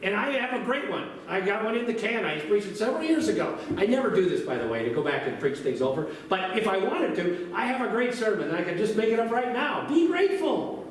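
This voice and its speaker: A man preaching a sermon to his congregation in a lively, conversational way, asking them questions as he goes. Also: high voice, quick pace, hardly any pauses, far from the mic. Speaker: pastor. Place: church sanctuary. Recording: very echoey church recorded from afar.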